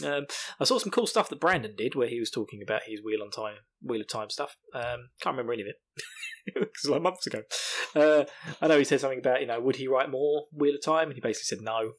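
Rambling podcast host. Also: male voice, mid-range voice, quick pace. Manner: rambling, swearing, laughing at his own jokes. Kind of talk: casual solo podcast chat.

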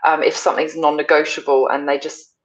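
A woman's voice: low voice, flat delivery, brisk, roomy sound, lo-fi sound. A woman hosting a podcast, chatting and summing up her guest's advice. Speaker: podcast host. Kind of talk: casual podcast interview.

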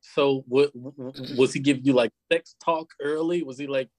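A man's voice: mid-range voice, fairly even intonation, normal speed, darkish tone. A man chatting casually and joking with profane banter among friends. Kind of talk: casual chat.

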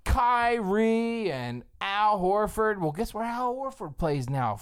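A man co-hosting a sports podcast, ranting fast and emphatically with lots of swearing. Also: sits high, sing-song, clear, resonant tone. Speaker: podcast co-host. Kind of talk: fired-up sports rant.

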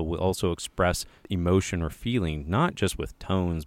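A man's voice: sits low, dry recording. A man co-hosting a podcast, chatting casually and enthusiastically. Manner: enthusiastic, effusive. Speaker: podcast co-host.

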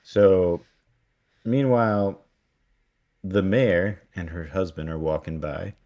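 Man, very low voice, podcast co-host, casual recap, animated storytelling. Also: slow pace. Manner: animated retelling, acting out characters' lines.

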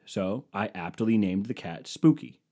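A man's voice: fairly low pitch, expressive, unhurried, dark tone. A man in his twenties hosting a podcast from home, telling rambling, self-mocking stories with plenty of swearing into a microphone hooked up to his computer. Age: 20s. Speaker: podcast host. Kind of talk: casual comedic monologue. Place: indoors at home.

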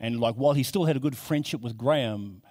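A man's voice: medium pitch, quick pace, darkish tone. A man preaching a sermon in a conversational way, building to emphatic repetition.

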